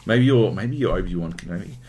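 A man's voice: deep voice, fast talker, background noise. An Australian man from Queensland co-hosting a podcast in casual chat, often swearing and ranting. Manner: swears a lot, animated ranting. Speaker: podcast co-host.

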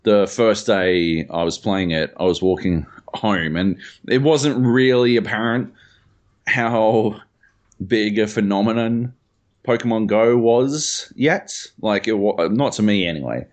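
A man's voice: lowish voice, a little slow. A young man chats casually on a podcast. He rambles through anecdotes, swears freely and breaks into laughter often. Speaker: podcast co-host. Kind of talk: casual chat.

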